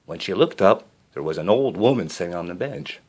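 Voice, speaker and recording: Male storybook reader, low voice, lively intonation. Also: fairly quick, slightly rough. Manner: expressive with small slips and restarts. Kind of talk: reading a children's storybook aloud.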